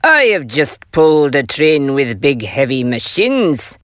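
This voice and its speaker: A woman's voice: very deep voice, very animated, unhurried, dry recording, studio quality, pitched below the performer's own voice, heavily acted. A woman voicing a big, strong, boastful freight engine in a storybook, bellowing.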